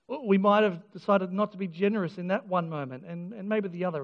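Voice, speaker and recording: A man's voice: sits high, quick pace, few pauses. A man preaching a sermon, earnest and emphatic, with frequent restarts and touches of self-deprecating humour. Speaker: pastor. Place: church. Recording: dull lo-fi sound with long church reverb.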